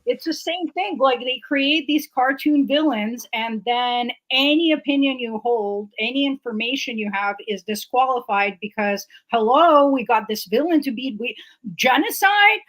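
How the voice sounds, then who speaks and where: A woman's voice: a little high, normal speed, hardly any pauses, rough recording. A woman co-hosting a casual political livestream, earnestly making her case point by point. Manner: earnest and argumentative, builds points in a row. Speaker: livestream co-host.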